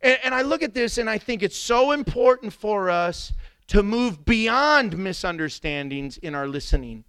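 A middle-aged man preaching a sermon with animated storytelling, jumping into sudden impressions. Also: high voice, moderate pace, clear, resonant tone, no room sound. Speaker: pastor.

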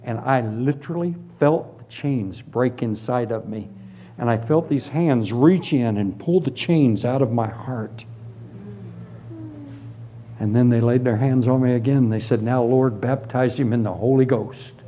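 A man telling his conversion story as a sermon, with lively storytelling that moves from hushed tones to shouted praise. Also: medium pitch, a little slow, dull audio, slight background noise. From Florida, US. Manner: animated storytelling, drops to hushed tones then bursts into shouts. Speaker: preacher giving testimony. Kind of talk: testimony sermon.

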